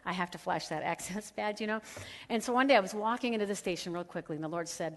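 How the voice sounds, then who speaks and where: A middle-aged woman speaker telling a lively, laughing story at a women's conference, acting out the voices of the people in it. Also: medium pitch, quick pace. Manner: animated, laughing, acts out quoted voices. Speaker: radio host and conference speaker. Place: large conference hall. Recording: hall reverb.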